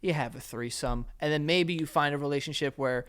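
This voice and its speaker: A man's voice: a little high, fairly quick, fairly bright tone, clean tone. A man co-hosting a podcast, chatting casually and animatedly, laughing often and swearing freely. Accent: New York. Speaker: podcast co-host. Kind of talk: casual chat.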